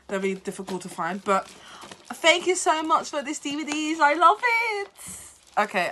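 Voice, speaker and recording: A tired woman vlogger unboxing gifts at home, talking in an excitable, apologetic way. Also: mid-range voice, slight background noise. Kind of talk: unboxing vlog.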